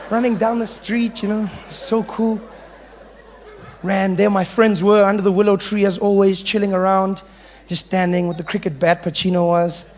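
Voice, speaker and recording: A man tells stand-up stories in an animated, lively way, often slipping into character voices. His voice sits high for a man, and a faint hum of ambience lies under the stage mic. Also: normal speed. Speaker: stand-up comedian. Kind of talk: stand-up storytelling. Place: live comedy stage.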